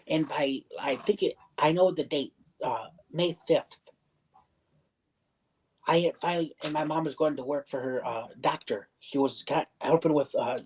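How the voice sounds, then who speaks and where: A man's voice: a little high, moderate pace, a little mellow, breathy edge, low-quality recording. A young man telling a personal story in casual livestream chat. He rambles, circles back, restarts sentences and acts out other people's lines.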